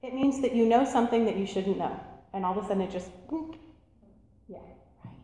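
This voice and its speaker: A woman teaching an interactive sermon, animated and laughing, asking the audience questions. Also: mid-range voice, a little fast. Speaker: church teacher. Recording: echoey hall, faint room noise.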